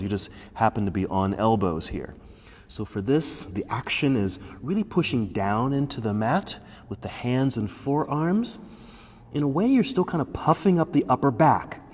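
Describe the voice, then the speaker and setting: A man teaching a yoga class with calm, encouraging step-by-step cues. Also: on the low side, husky. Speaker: yoga instructor. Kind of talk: guided yoga class instruction. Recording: echoey room with faint background noise.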